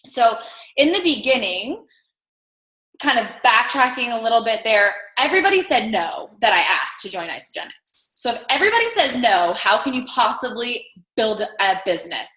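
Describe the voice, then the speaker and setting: A woman telling a personal success story in a lively way, acting out the dialogue she quotes. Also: fairly high pitch, moderate pace, roomy sound, low-quality recording. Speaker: business testimonial speaker.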